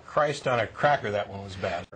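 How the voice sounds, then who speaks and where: A man's voice: fairly low pitch, animated, moderate pace, a bit bright, slight background noise. A man joking around on camera, stammering, laughing often and talking while he eats. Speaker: show regular. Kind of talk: joking casual chat on camera.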